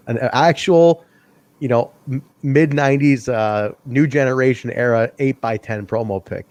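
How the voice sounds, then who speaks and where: A man hosting a casual wrestling review podcast, excitable and laughing often as he tells stories. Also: medium pitch, normal speed, no echo. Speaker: podcast host.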